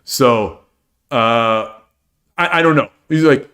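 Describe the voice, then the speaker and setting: This middle-aged Midwestern man speaks at medium pitch with a sharp tone and a slow pace. Hosting his livestream, he rambles through casual chat with viewers, often restarting and repeating phrases.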